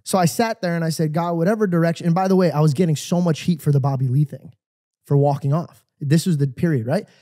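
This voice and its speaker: A man's voice: fairly high pitch, fairly even intonation, quick pace, warm tone, no room sound, clean studio sound. A young man co-hosting a podcast, earnestly telling a personal story, acting out the dialogue and often saying "bro". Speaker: podcast co-host. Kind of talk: casual podcast chat.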